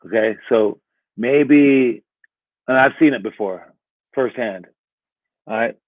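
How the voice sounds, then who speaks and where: A man's voice: mid-range voice, slow, dry recording. A man giving a casual motivational talk as a coach, rambling and asking "all right?" again and again. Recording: tinny phone-like audio.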